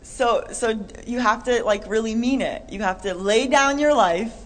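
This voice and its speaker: A woman co-hosting a Christian talk show, chatty and animated, acting out little quotes. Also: on the high side, moderate pace. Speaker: co-host. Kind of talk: Christian podcast chat.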